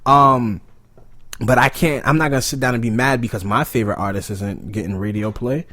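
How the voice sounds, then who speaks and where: A young man, a rapper as a podcast guest, talking casually, bluntly and with animated swearing. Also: medium pitch, a little fast.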